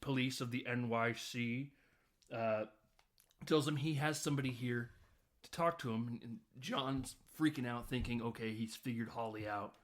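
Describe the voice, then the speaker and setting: A man's voice: mid-range voice, normal speed. A man recapping a film in a casual podcast, rambling and laughing often. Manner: rambling, chuckling, lots of fillers. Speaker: podcast host.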